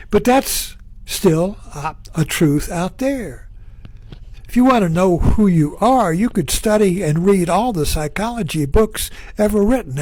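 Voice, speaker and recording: A man speaking as a Zen teacher in a reflective talk, his fairly high voice rising and falling widely as he asks question after question. He takes his time and circles back over his phrases. The sound is close and dry. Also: darkish tone, dry recording. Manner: poses rhetorical questions, repeats phrases.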